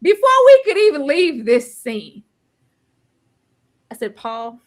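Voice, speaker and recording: A woman co-hosting a TV review show in casual chat, animated and exclaiming, laughing and bursting into near-yells as she reacts. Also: very high-pitched, slow. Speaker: TV review podcast co-host.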